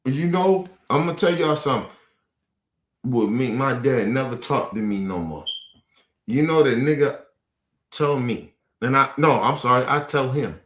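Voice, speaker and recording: A man ranting angrily and profanely on a livestream, repeating himself and breaking into shouts. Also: medium pitch, expressive, normal speed. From Baltimore. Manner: angry, profane, repetitive, shouting bursts. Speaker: streamer. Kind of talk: heated livestream rant. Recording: roomy echo.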